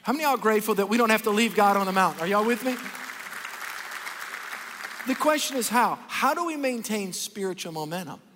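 A high-pitched man preaching to a congregation in a folksy, animated way. He acts out the people in his story as he goes. His voice rings with the long reverb of a big church hall. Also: fairly quick, long pauses, crowd noise, background noise. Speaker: pastor. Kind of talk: sermon.

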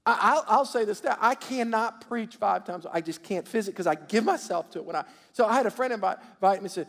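High-voiced preacher in a reverberant hall. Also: male voice, expressive, quick pace, gravelly, hardly any pauses, fairly bright tone. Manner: call-and-response preaching, repeats words. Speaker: pastor. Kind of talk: sermon. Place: church sanctuary.

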